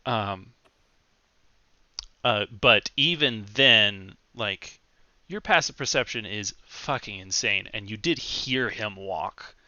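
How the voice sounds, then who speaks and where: A man narrating as game master of a tabletop game, slow and halting with many fillers. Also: fairly low pitch, sharp tone, no echo, highs cut off.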